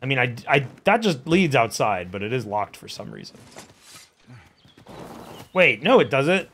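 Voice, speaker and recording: A man's voice: medium pitch, very animated, a little slow, fairly bright tone, slight background noise. A young man hosting a let's-play, chatting casually in a joking, bemused way with some swearing. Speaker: host playing a video game.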